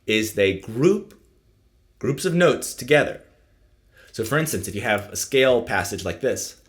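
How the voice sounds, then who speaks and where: A saxophone teacher talks through his practice routine in a casual instructional video. He explains each point in a relaxed, friendly way and often checks in with a quick "right?". His voice sits a bit low for a man.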